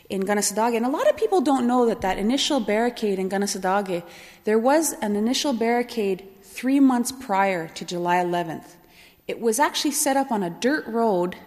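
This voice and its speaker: A woman from Kahnawake, Quebec, telling a personal story in a lively way, often laughing and acting out what other people said. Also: medium pitch, big-room sound. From Kahnawake Mohawk community, Quebec, Canada. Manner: animated, laughing at her own story, voices others in dialogue. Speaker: storyteller recalling her youth.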